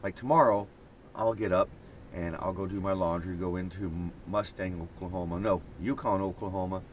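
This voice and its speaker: A man with a fairly low voice talks in a loose, rambling, reflective way, as if chatting to his viewers. He speaks from inside a moving camper van, with a faint engine rumble underneath him. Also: fairly even intonation, normal speed. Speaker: vlogger. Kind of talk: casual reflective chat.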